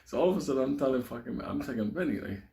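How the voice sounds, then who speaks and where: Male comic storyteller, profane, animated, chuckling through it. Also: mid-range voice, very fast, gravelly, a little hiss or hum. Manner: profane, animated, laughs while telling.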